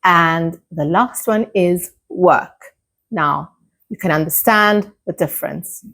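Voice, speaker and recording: A woman's voice: on the low side, a bit bright. A woman with an Italian accent teaching an online English pronunciation lesson, carefully repeating each word for practice. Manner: slow, deliberate, repeats words for practice.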